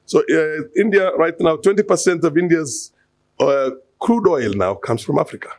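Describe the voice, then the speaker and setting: A man's voice: on the high side, expressive, normal speed, no echo. A man giving an unscripted conference talk, hesitant, with many fillers and restarts, asking the audience rhetorical questions. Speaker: conference speaker.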